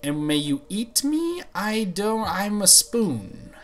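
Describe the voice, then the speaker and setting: A man streaming a game live, rambling goofily to his viewers and yelping excitedly whenever he gets hit. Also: high-pitched, takes it slowly, soft background music. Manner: rambling, goofy and excitable, yelps when hit; chats with viewers. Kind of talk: live gameplay commentary.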